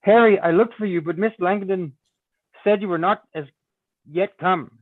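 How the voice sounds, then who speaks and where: A frank, lively young heiress, as a man puts her on while reading aloud from a novel. The voice climbs higher and brighter than his own. It comes through a thin, tinny line with no room sound. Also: normal speed, no room sound. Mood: eager. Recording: tinny phone-like line, dry.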